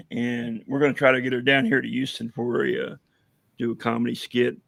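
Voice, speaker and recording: A hoarse man chatting casually on a livestream as a veteran guest, rambling with many fillers and telling jokes. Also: medium pitch, little pitch movement, normal speed, fairly bright tone, no echo. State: hoarse, losing his voice. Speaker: veteran guest running a coffee business.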